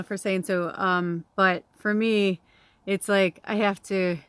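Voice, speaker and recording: A woman's voice: medium pitch, fairly bright tone, dry recording. A middle-aged woman chatting casually as a tarot reader and medium, rambling with frequent laughs, casual swearing and moments close to tears. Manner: emotional, near tears. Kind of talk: casual spiritual vlog chat.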